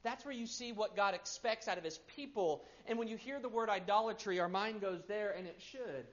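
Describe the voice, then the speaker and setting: A pastor in his thirties preaching a sermon, swinging between loud emphasis and hushed, quiet stretches. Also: high voice, fairly quick. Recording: muffled lo-fi sermon recording.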